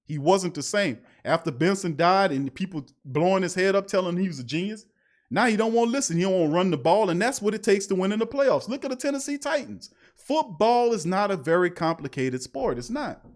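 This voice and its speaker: A man with a fairly high voice hosts a live-streamed sports talk show. He reads viewers' chat messages aloud and rants at length, emphatic and full of street slang. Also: lively intonation, a little fast. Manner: fired-up, ranting, slangy and emphatic.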